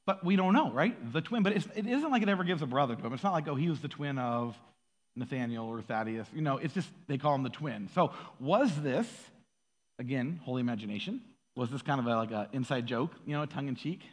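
A man giving a casual, animated sermon, acting out quoted voices and laughing often. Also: on the high side, quick pace, big-room sound. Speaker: pastor.

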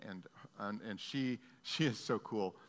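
A male pastor preaching a sermon, telling a story in an earnest, halting way. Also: on the low side, a bit bright, slight background noise. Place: church sanctuary. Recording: long hall reverb.

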